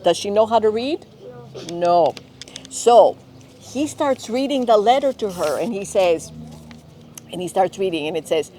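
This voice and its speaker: Slow, clear woman teacher. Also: mid-range voice, lively intonation, warm tone, slight background noise. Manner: slow, clear, often checking with children. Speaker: teacher, director of studies. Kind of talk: storytelling to young learners.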